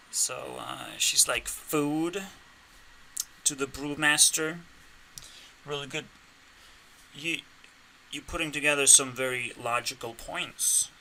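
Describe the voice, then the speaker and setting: Speaking to camera without a script, this channel host has a bright, mid-range voice and a slow, erratic rant that swings from shouts to mutters. He swears, trolls, and laughs at his own jabs, with slight background noise in the audio.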